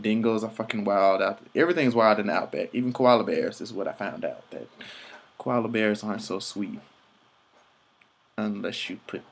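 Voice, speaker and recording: Young male vlogger, lowish voice, rambling and casual, swears freely. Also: vocal fry, husky. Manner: rambling, loose, profane, filler-heavy. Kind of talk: casual travel vlog narration.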